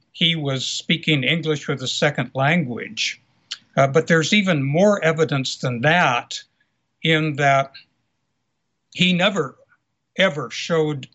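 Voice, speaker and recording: A man being interviewed as a researcher and author, explaining his findings in a measured, deliberate way. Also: on the high side, a bit bright, husky. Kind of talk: interview answers. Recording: muffled lo-fi audio.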